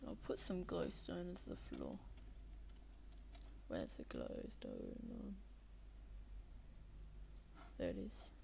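A woman's voice: very deep voice, wildly swooping pitch, slow, gravelly, pauses often, dark tone, slight background noise. A tired young woman rambling casually over a game she is playing, drowsy, with many fillers. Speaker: Minecraft video maker. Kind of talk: casual gameplay commentary.

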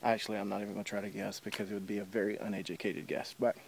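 A man's voice: lowish voice, little pitch movement, very fast, creaky. A man talks to a handheld camera as he walks a wooded river trail outdoors. His speech is loose and meandering, full of uhs and ums, and he is a little out of breath. Faint noise and mic handling can be heard under his voice. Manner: rambling, many fillers like uh and um. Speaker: hiker filming his trip. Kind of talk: casual walking vlog. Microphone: handheld camera while walking.

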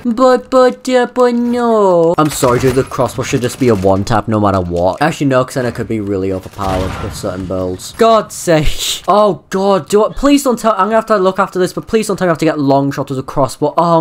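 Excitable gamer man yelping over gameplay. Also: a little high, a little hiss or hum. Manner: excitable, jumps from muttering to loud yelps; swears and laughs often. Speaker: gaming YouTuber. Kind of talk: live gameplay commentary.

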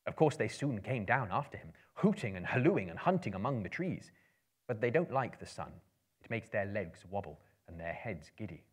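A man performs a storybook reading to a live audience, his voice lower-pitched and sweeping widely up and down. He builds the tension theatrically, rising to loud bursts and dropping to near-hushes. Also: slightly rough. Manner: theatrical, swelling and hushing for suspense.

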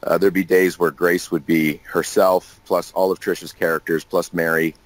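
A man's voice: low voice, level tone, normal speed, no echo, poor audio. A man being interviewed as a guest actor, telling loose, jokey stories in casual chat with plenty of laughs and restarts.

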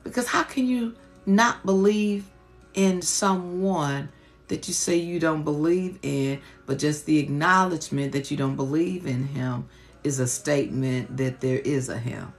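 Gravelly-voiced woman preaching with fervor. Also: deep voice, a little slow, soft background music. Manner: impassioned, colloquial, repeats rhetorical questions. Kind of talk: live-streamed teaching sermon.

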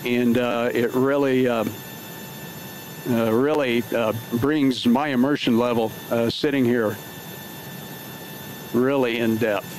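A man's voice: medium pitch, fairly even intonation, takes it slowly, pauses often, darkish tone, slight background noise, rough recording. A man livestreaming from his home flight sim setup, talking casually through each step with lots of filler words. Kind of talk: casual live play-by-play narration.

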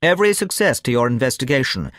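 A man's voice: mid-range voice, big pitch swings, fast, fairly bright tone, no room sound. Male reader as courteous aristocrat, dry close sound. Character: dignified older male nobleman, polite.

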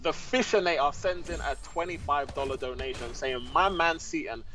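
A man with a fairly high voice reads out viewer donations on a game livestream in a loose, chatty way. He keeps breaking into laughter as he goes, and faint music plays underneath him. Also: moderate pace, sharp tone. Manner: giggly, reads messages aloud between laughs. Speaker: guest co-commentator reading donations. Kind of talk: casual livestream chat.

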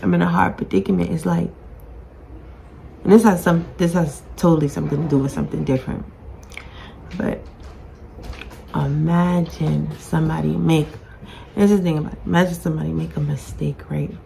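Deep, gravelly, and warm, the podcaster's voice holds a steady tone at normal speed, with frequent pauses and a little hiss or hum. Facing her own camera, she grieves openly in a blunt vlog monologue, nearly crying, cursing, and saying things over again.

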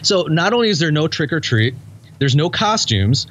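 A man's voice: on the high side, very animated, moderate pace, a bit bright, dull audio, a little hiss or hum. A man telling a ranting, exasperated story in casual chat.

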